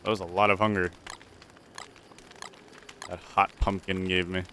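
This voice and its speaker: Young male let's-play host, lowish voice with a bright, tense edge, goofy rambling asides. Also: little pitch movement, a little slow, a little hiss or hum. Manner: goofy, rambling, talks to his viewers. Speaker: gaming channel host.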